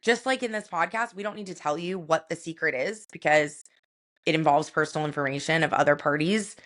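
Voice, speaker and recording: Woman with a slightly low voice, reflective. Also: fairly quick. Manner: soft and reflective, with many fillers like "like" and "you know". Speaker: podcast co-host. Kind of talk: personal storytelling in casual chat.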